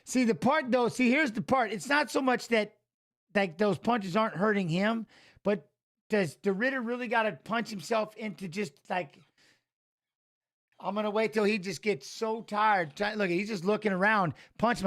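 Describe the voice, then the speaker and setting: A man with a notably high voice gives loose, live commentary while watching fights. He rambles, talks straight to the viewers in chat, and gets openly emotional about the action. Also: normal speed, fairly bright tone.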